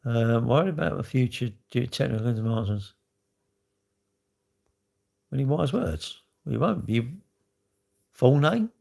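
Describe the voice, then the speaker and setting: A man's voice: medium pitch, animated, unhurried, creaky, long pauses, dark tone. A man chatting sarcastically with his live-stream viewers from home, mocking their comments. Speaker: livestreamer. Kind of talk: casual live-stream chat. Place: home, near his kitchen.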